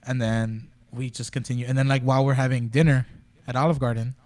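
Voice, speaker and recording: A man's voice: medium pitch, steady tone, fairly quick, darkish tone, no echo. A young man talking casually on a podcast, telling a rambling, profane story full of fillers. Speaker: podcast guest. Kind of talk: casual chat.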